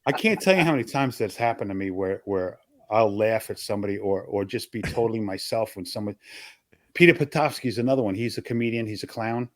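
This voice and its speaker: Older comedian man telling animated stories. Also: lowish voice, fast. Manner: animated anecdotes, acts out voices. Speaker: guest comedian. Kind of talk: casual storytelling.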